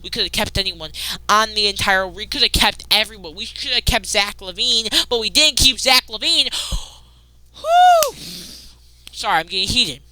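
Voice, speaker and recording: Excitable bright-voiced woman recapping wrestling. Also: medium pitch. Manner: excitable, swings between loud outbursts and muttered asides. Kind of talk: casual wrestling news recap.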